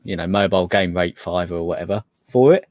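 A man's voice: low-pitched, a little fast, a little mellow, dry recording, highs cut off. A man co-hosting a casual gaming podcast, hesitant and correcting himself as he talks. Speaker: podcast co-host. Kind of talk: casual gaming news chat.

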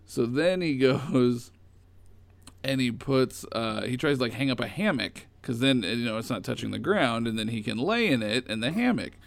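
A man casually retelling old comic stories in a rambling, animated way. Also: mid-range voice, moderate pace, vocal fry, no room sound. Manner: rambling, animated storytelling with fillers.

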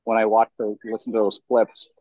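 A young man in his twenties co-hosting a sports podcast, ranting in an animated way with lots of restarts. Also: lowish voice, a little fast, no room sound, lo-fi sound. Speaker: podcast co-host. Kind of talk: casual sports talk.

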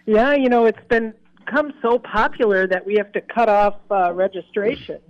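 A woman's voice: medium pitch, steady tone, normal speed. A woman guest being interviewed on a radio show, talking in a friendly, easygoing way. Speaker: fishing guide and club leader, guest. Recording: dull lo-fi line.

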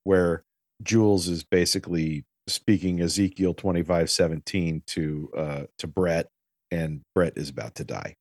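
A man's voice: sits low, unhurried, no room sound, studio quality. A man in his forties co-hosting a casual movie recap chat, telling stories and swearing freely. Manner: animated storyteller, swears freely. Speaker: podcast co-host.

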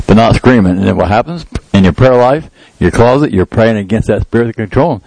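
A man's voice: fairly low pitch, brisk, creaky, few pauses, a little mellow, dry recording, low-quality recording. A middle-aged male pastor preaching a sermon in a conversational way that rises into emphatic prayer. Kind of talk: sermon with live demonstration.

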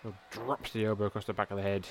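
A man with a lowish voice talks through old wrestling footage in a relaxed, off-the-cuff way. He breaks into excited exclamations as the action swings, then muses aloud about what he can't quite see. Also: racing, crowd noise. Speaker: podcast host. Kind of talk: casual play-by-play over old wrestling footage.

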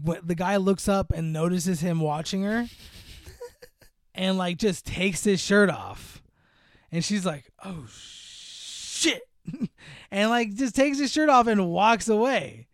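High-voiced man rambling through a movie plot. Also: unhurried, no echo, clean studio sound. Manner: rambling storytelling with many fillers, acting out characters' lines. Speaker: podcast co-host recapping a movie. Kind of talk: casual chat.

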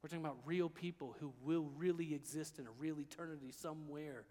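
A man preaching a sermon as pastor, dropping to hushed, quiet passages and then rising to loud, emphatic declarations. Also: on the high side, steady tone, fast, long reverb tail.

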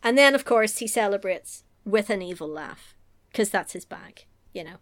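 A woman's voice: medium pitch, moderate pace. A woman recapping a film in casual chat as a podcast co-host, laughing often and acting out the lines. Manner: animated, laughing, acts out quotes.

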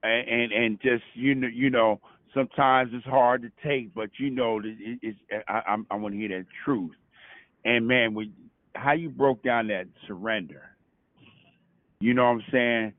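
A man's voice: medium pitch, steady tone, moderate pace, dry recording. A man from Brooklyn, calling in to share a testimony, full of stammered restarts and "you know what I'm saying". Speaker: caller. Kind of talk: casual testimony on a call. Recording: dry tinny phone line.

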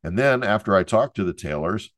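A man's voice: fairly low pitch, expressive, a little fast, fairly bright tone, no echo. A middle-aged man from Florida hosting a podcast, delivering a jokey, storytelling monologue with showman patter. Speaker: podcast host.

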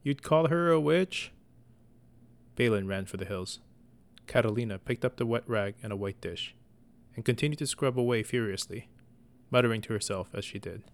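Male storyteller, fairly low pitch, calm scripted narration. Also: fairly quick.

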